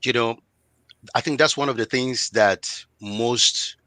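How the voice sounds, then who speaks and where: A man's voice: medium pitch, takes it slowly, sharp tone, no room sound. A man giving an impassioned motivational talk on relationships, speaking emphatically, repeating phrases for force and addressing the audience directly.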